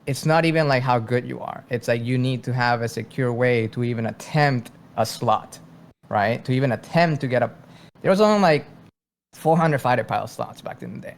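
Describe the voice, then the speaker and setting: This casual interview features a mid-range male voice belonging to a Venezuelan military veteran. As a podcast guest, he pauses to think often and fills gaps with frequent fillers.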